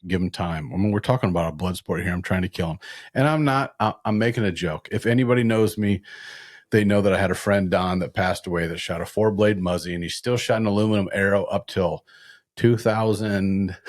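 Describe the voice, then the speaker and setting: A man's voice: deep voice, no echo, studio quality. A man hosting a casual hunting podcast, telling folksy stories and mimicking other hunters for fun. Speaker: podcast host.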